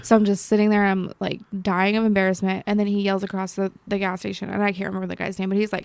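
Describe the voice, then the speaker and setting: Young woman podcast co-host, casual chat, lively self-deprecating storyteller, dry close mic. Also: mid-range voice, fast, creaky, few pauses, clean tone, no echo. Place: library recording room.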